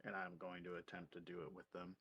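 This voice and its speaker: Hesitant deep-voiced male player. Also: completely flat delivery, fast talker, a bit bright, breathy edge. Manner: hesitant, thinking aloud with fillers. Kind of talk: casual tabletop game talk.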